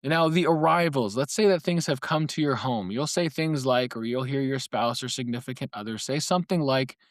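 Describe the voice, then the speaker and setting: A man hosts a solo comedy podcast in a wry, teasing, conspiratorial tone, with quick laughs between phrases. His voice sits at an ordinary male pitch. The recording is dry and close, with no room sound. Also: no echo. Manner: wry, playful, conspiratorial asides. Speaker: podcast host. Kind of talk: comic solo podcast monologue.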